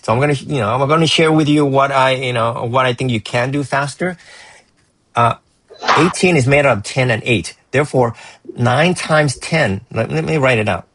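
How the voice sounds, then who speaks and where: A man's voice: mid-range voice, moderate pace, a bit bright, no room sound, low-quality recording. A man tutoring math and going over a student's work, encouraging and rambling, often restarting his sentences.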